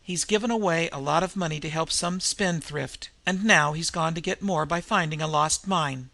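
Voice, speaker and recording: A man's voice: on the high side, normal speed, gravelly, pushed and bright, dry recording. A man voicing a young woman who speaks earnestly and steadily through her sadness. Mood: wistful. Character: Ruth, young woman, sad yet steady.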